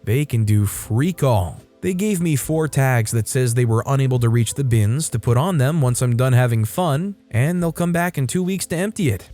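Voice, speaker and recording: Man narrating stories over faint music. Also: mid-range voice. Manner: lively storytelling, briefly mimics the people in the stories. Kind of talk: scripted narration.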